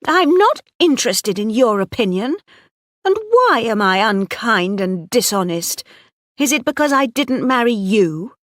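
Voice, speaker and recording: A proud young farm mistress with a quick temper, her lines pitched high and sharp, as a woman reading the story puts her on. The voice rises steeply and swings widely in pitch, in a dry room with no echo. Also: sing-song. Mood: angry.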